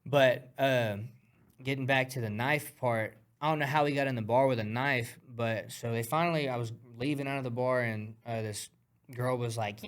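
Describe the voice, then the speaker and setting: Excitable man telling a profane story. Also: mid-range voice, normal speed, smooth. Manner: profane, excitable, acts out punches with sound words. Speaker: guest fighter. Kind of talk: animated storytelling.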